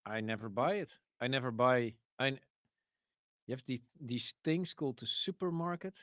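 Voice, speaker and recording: A man's voice: medium pitch, animated, moderate pace, fairly bright tone, no echo. A man co-hosting a livestream, cracking dry, mock-serious jokes. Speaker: livestream co-host. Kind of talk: casual livestream banter.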